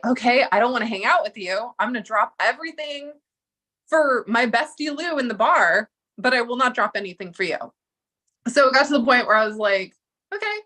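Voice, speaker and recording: Woman, bright voice, higher pitch, confessional monologue, emotional, swears a lot, acts out quotes. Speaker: storyteller recounting a breakup.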